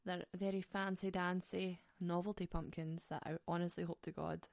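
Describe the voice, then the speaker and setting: A woman hosts her podcast with a loose, comic rant, laughing between lines and swearing freely. Her voice has a gravelly fry, and the recording is close and dry with no room sound. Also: on the low side, little pitch movement, moderate pace, a little mellow, dry recording. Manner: ranting, giggly, sweary. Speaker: podcast host. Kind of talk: casual comic monologue.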